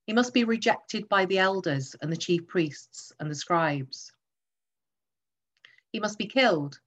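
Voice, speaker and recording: A woman's voice: on the low side, highs cut off. Emphatic woman preaching a sermon. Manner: emphatic, teaching with rhetorical questions.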